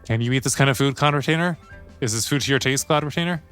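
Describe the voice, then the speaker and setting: A man's voice: mid-range voice, fast, fairly bright tone, smooth, faint music behind. A man giving casual, joking commentary while playing a game and reading dialogue choices aloud. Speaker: gaming streamer.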